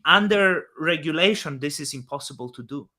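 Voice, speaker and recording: A man's voice: fairly high pitch, lively intonation, normal speed, bright, forceful tone. A man in casual talk, mocking and bluntly insulting, with loose non-native phrasing. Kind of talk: casual crypto chat.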